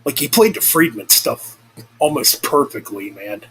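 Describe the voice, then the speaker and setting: A man's voice: mid-range voice, animated, measured pace, a bit bright, breathy edge, poor audio. A young man rambling casually in a vlog, cursing freely and correcting himself as he goes. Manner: rambling, profane, self-correcting. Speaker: vlogger. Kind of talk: casual chat.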